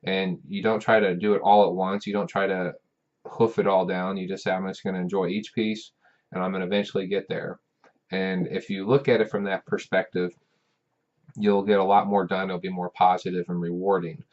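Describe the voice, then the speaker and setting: Man, very low voice, professor talking to students, rambling, repeats himself, dull lo-fi sound. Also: little pitch movement, brisk, a little mellow. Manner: rambling, repeats words, direct address. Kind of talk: casual talking-head advice.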